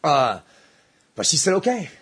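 A man spins a rowdy anecdote among friends, his pitch leaping up and down as he acts out each voice. His tone is a little husky and pitched fairly high. He talks loosely and swears freely. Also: sing-song, measured pace, fairly bright tone. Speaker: storyteller. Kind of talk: casual storytelling among friends.

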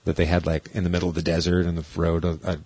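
Podcast dude spinning stories, curses a lot, dark mellow voice, dry close sound. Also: male voice, low voice, completely flat delivery, racing, no room sound. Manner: profane storytelling, mimics people he quotes. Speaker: podcast co-host. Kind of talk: casual chat, retelling stories.

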